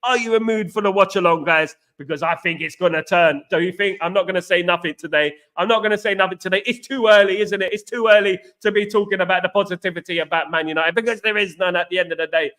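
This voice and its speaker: A man with an East London accent chats casually as a livestream host. He reads out viewer comments and answers in slangy banter full of repeated catchphrases. His voice is high and bright. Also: quick pace, few pauses.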